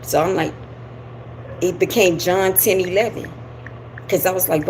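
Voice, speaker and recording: A woman's voice: lowish voice, fairly even intonation, unhurried, pauses often, background noise. A woman hosting a live stream, talking casually and informally about spirituality, rambling with laughing asides. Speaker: livestream host. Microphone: camera on a live stream.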